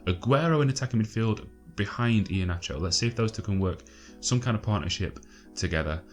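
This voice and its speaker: A man giving casual gameplay commentary, chatty and exasperated, swearing often and filling pauses with ums. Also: on the low side, animated, soft background music. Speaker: gaming channel host.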